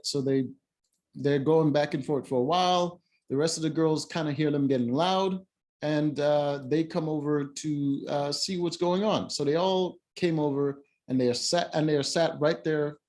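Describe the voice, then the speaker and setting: A man with a fairly high-pitched voice talks through a reality-show episode in loose, casual recap mode. He rambles, leans on fillers and restarts, and drops blunt opinions along the way. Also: moderate pace, a little mellow. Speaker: show reviewer.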